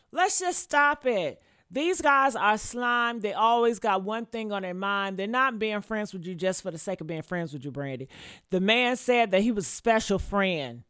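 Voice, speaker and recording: A woman hosting a celebrity gossip show, reading out statements and reacting bluntly with profane, sassy asides, swinging from low mutters to loud outbursts. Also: no echo, studio quality. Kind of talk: casual commentary reading statements.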